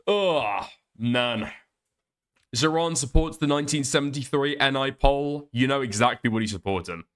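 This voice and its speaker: A man's voice: medium pitch, moderate pace, a bit bright, smooth. An Irish man streaming live while ill with the flu, reading chat and ranting with lots of swearing and laughter. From Ireland. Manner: profane, ranting, laughing often.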